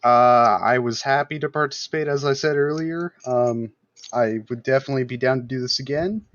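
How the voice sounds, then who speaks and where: A man's voice: mid-range voice, brisk, a bit bright, no echo, muffled recording. A man speaking as a pilot guest over voice chat, hesitant with many fillers. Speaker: pilot guest in a game community. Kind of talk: casual voice chat.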